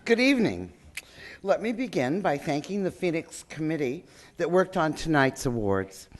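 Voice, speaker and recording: A man's voice: fairly high pitch, very animated, moderate pace. A man opening his remarks at an awards banquet by thanking the committee. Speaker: award presenter. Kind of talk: banquet speech. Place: banquet hall.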